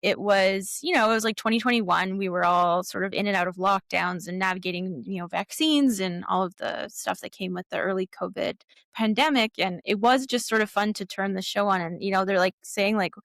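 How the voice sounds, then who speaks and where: A woman's voice: mid-range voice, fairly quick, a bit bright, no room sound. A woman guest author in a casual podcast chat, talking loosely with frequent little laughs and filler words. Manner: chatty, giggly, lots of "like" fillers.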